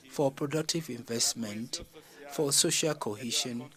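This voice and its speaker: A man delivering a formal policy address to a summit of leaders, measured and stopping often on fillers and restarts. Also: medium pitch, fairly bright tone, low-quality recording. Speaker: summit chair addressing heads of state.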